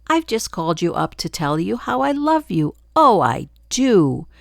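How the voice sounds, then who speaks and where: A woman's voice: medium pitch, very animated, unhurried, creaky, no room sound, clean studio sound. An older woman voicing a chatty, pushy male glunk creature in a storybook read-aloud, sweet-talking and jabbering on.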